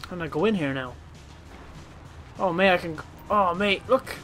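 A man commentating his own gameplay in a casual, rowdy way, swearing freely and bursting into shouts. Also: sits high, normal speed, faint music behind.

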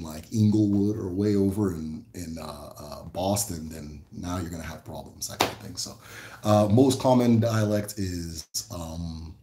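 A deep-voiced Midwestern American man hosts a casual livestream with reverberant sound. He responds to viewers' questions in a loose, rambling way, peppered with fillers and false starts.

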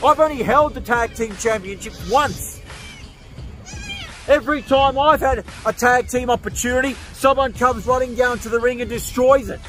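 A man giving a profane, berating wrestling promo as a wrestler, shouting at times. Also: very high voice, moderate pace, soft background music.

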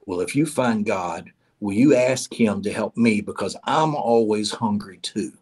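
A man telling a parable, voicing a hungry male wolf who asks slowly for help. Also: fairly low pitch, a little mellow, breathy edge. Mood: pleading.

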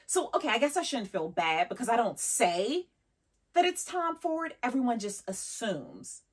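Chatty husky woman vlogger. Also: fairly high pitch, big pitch swings, moderate pace. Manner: chatty, laughs often, sprinkles in French phrases. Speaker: lifestyle vlogger. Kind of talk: casual vlog chat.

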